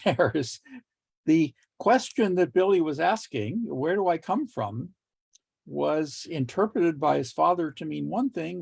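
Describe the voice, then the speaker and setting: Man lecturing, gravelly, husky, slightly high voice, dry sound, jokey anecdotes. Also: darkish tone, no room sound. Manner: tells jokes with quoted voices, laughs lightly. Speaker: communication teacher.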